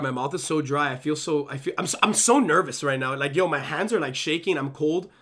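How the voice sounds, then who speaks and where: A man in his twenties streaming a game live, chatting excitably to his viewers and constantly cutting himself off with "hold up". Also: on the high side, a little fast, hardly any pauses. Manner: excitable, fidgety, keeps saying "yo" and "hold up". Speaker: gaming streamer. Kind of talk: casual live-stream chat while playing.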